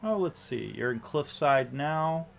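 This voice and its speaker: A man narrating a tabletop game as game master, halting often with ums and restarts. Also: a little high, lively intonation, gravelly.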